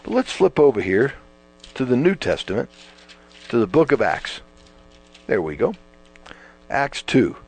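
Preacher, male, animated pitch, stretches words for emphasis, mains hum in the background. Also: unhurried, pauses often, slightly rough. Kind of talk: sermon.

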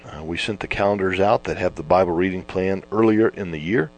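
A man's voice: deep voice, fairly quick, poor audio. A man giving an informal Bible teaching, folksy and repetitive, restarting phrases and driving points home. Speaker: preacher.

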